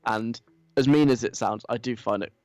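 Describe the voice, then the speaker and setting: A man's voice: mid-range voice, normal speed, a little mellow, dry recording, faint music behind. A man giving a sarcastic, conversational commentary in a dry, mocking manner. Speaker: commentary host.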